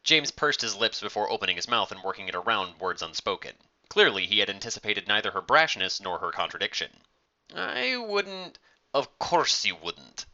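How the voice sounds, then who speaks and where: A man reading a story aloud as narrator, in a measured, expressive way, on a dull lo-fi recording. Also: fairly low pitch.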